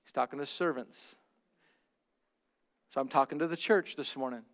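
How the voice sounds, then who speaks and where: A man preaching a sermon as pastor, speaking earnestly and directly to the congregation, swinging from loud emphatic bursts to hushed asides. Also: medium pitch, normal speed.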